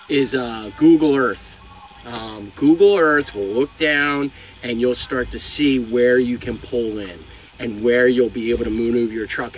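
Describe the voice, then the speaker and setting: A man's voice: mid-range voice, slight background noise, rough recording. A young man who drives trucks, giving frank, rambling advice to viewers, swearing now and then. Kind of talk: casual advice vlog. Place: inside a truck cab.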